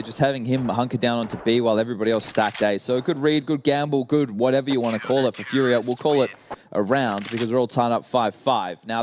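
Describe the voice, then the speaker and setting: A man commentating a live esports match, calmly breaking down tactics and the economy. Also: mid-range voice. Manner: analytical, explains tactics and economy. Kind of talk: play-by-play and analysis commentary. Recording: noisy broadcast with gunfire behind.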